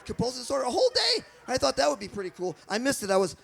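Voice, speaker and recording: A male stand-up comedian from Michigan, chatting with the crowd, laughing at his own jokes and jumping between bits with quick asides. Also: extremely high pitch, wildly swooping pitch, gravelly, a bit bright, slightly rough.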